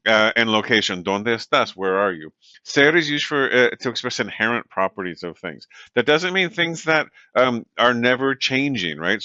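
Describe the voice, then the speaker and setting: A man giving a recorded lecture as a language instructor, relaxed and full of fillers, checking in with "right?" often. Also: lowish voice, dry recording. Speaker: Spanish instructor. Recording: dull, lo-fi recording.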